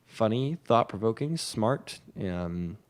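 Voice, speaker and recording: A young man with a somewhat low voice, bantering as a podcast co-host. He slips in dry, deadpan jokes between casual explanations. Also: slow pace.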